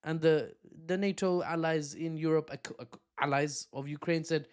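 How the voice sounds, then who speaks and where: A man hosting opinionated geopolitical commentary, talking with animated, self-mocking asides. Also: on the high side, moderate pace, few pauses, smooth. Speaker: host.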